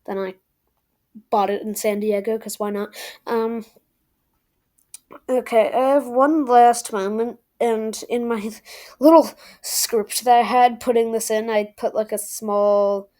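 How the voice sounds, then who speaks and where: A woman's voice: a little high, fairly even intonation, slow pace, mellow. A woman giving a casual book review, hesitant and self-deprecating, with many ums.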